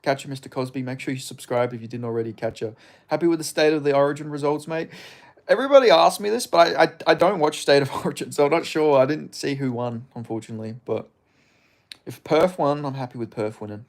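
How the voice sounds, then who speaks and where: Gravelly Australian man bantering with chat. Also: on the high side, quick pace. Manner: blunt, profane, laid-back banter. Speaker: streamer reading chat. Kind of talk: casual livestream chat.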